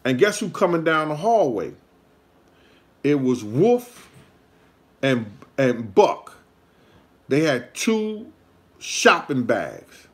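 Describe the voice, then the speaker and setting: A man tells a story from his own life in a loose, rambling monologue. He circles back and repeats himself, speaks in street slang, and his voice sits a bit higher than most men's. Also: big pitch swings, slow, pauses often. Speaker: show host telling a personal story.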